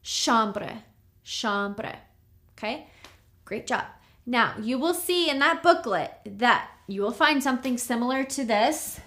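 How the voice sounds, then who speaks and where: A woman teaching a recorded language lesson, drilling words slowly and checking in with "okay?". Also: on the high side, expressive, fairly bright tone. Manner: slow, clear drilling of words with frequent "okay?". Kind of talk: recorded lecture.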